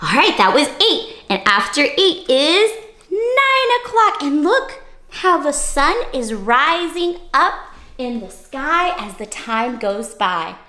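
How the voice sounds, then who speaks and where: A woman giving an expressive, interactive picture-book read-aloud for children, pausing to ask them questions. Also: high voice. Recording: roomy echo.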